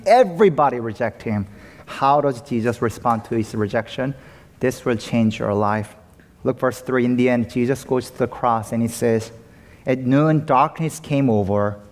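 Guy pastor preaching, goes loud then real quiet, mid voice, big echoey church. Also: mid-range voice. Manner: emphatic, swings from loud to hushed. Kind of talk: sermon. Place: church sanctuary.

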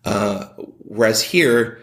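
A man's voice: fairly low pitch, expressive, takes it slowly, fairly bright tone. A man, a playwright and director, talking casually in an interview, rambling with many restarts. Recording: echoey room.

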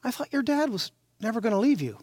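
A sly snake of shame hisses soft, insinuating taunts, as an older preacher in his sixties puts it on. The voice climbs high and swings widely, and the sound is close and dry with no room around it. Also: big pitch swings, quick pace, no room sound, heavily acted. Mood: taunting. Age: 60s.

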